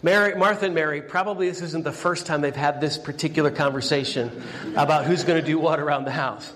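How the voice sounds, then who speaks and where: High-voiced man preaching in a hall. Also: fast, crowd noise. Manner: animated storytelling, many restarts. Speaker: pastor. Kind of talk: sermon at a breakfast event. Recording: long hall reverb.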